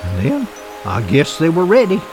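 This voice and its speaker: A folksy, easygoing dog. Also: male voice, a little high, huge pitch swings, moderate pace, vocal fry, music in the background, full character voice. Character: easygoing male dog, narrator, hearty eater. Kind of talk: radio drama narration.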